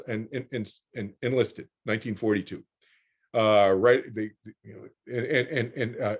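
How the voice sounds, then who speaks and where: A man in his sixties telling a personal story as a guest on a video call, rambling with repeated words and restarts. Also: medium pitch. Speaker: guest speaker.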